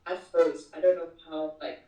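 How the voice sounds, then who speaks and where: A woman's voice: deep voice, normal speed. Woman telling a story, far from the mic. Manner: animated, repeats words when starting sentences. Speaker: interview guest. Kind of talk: casual storytelling interview. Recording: roomy echo, distant mic.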